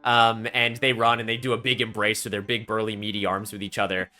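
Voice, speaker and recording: A man narrating a tabletop role-playing game as game master, with frequent pauses and fillers. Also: fairly low pitch, flat delivery, sharp tone, soft background music. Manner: rambling with fillers.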